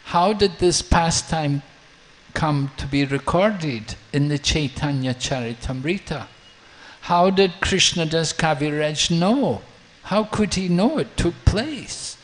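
Man, monk preacher, devotional storytelling, slow and deliberate, slightly high voice. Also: a little hiss or hum, poor audio.

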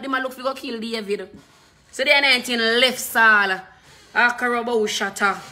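A woman's voice: high-pitched, pushed and bright. A woman with a Jamaican accent preaching an impassioned sermon, hammering home repeated phrases and moving between patois and standard English.

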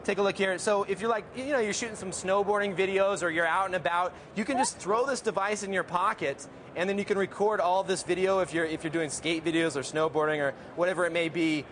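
Male field reporter, high voice, rambling and excited, faint noise behind. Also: a little fast, hardly any pauses. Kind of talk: casual gadget demo.

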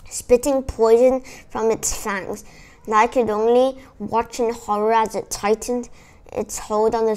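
A woman reading a children's adventure book aloud, telling it in an expressive, dramatic way. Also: a little high. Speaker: audiobook reader.

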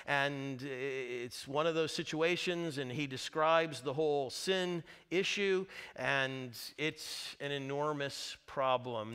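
Bright-voiced man preaching with drama. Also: fairly high pitch, clear, resonant tone. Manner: dramatic storytelling, acting out voices. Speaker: pastor. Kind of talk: sermon. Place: church.

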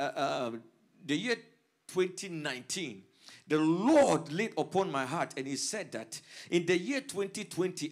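A male pastor from Africa delivers a sermon to his congregation. His voice sits a little on the high side, and his fervent preaching swells from quiet prayer to full volume. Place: church service streamed online.

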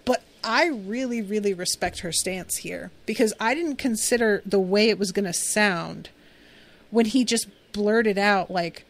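A woman's voice: medium pitch, unhurried. A woman hosting a podcast, chatting casually through a TV episode recap with lots of fillers and acted-out quotes. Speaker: podcast host.

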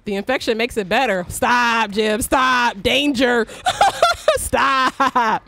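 A young woman streamer giving live gameplay commentary, excitable, swearing and shrieking when startled. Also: fairly high pitch, slow, slight background noise.

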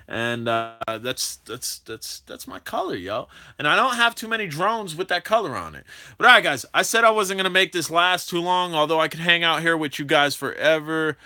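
A man's voice: a little high, moderate pace. Hyper, slangy drone streamer man. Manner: hyper, animated, slangy, talks to chat. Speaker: drone livestream host. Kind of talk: casual livestream chat with viewers.

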